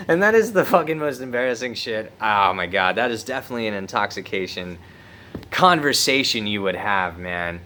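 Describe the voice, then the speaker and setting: A laid-back young man tells a rambling story to camera, cursing freely. His voice sits a little low but comes across bright and forceful. A faint hum of room ambience sits under him. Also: expressive, a little fast. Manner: laid-back, profane, laughs through the story. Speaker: vlogger. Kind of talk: casual storytelling.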